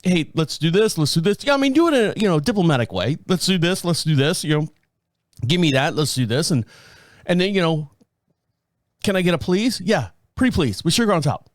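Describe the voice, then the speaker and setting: A man's voice: a little high, expressive, a little fast, dry recording, clean studio sound. A middle-aged man hosting a podcast, rambling casually and foul-mouthed, laughing often and acting out quotes. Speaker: podcast host.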